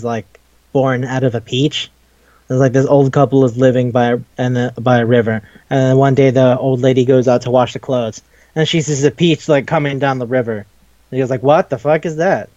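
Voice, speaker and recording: A man chatting casually on a podcast, rambling and swearing freely as he retells scenes and slips into quick voices for each character. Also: mid-range voice, steady tone, darkish tone, dry recording, highs cut off. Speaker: podcast co-host. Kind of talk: casual chat.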